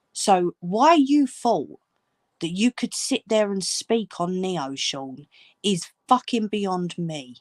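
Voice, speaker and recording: Slow, furious woman ranting. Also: fairly low pitch, no room sound, studio quality. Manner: furious, swearing, scolding. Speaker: channel host. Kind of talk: angry direct-to-camera rant.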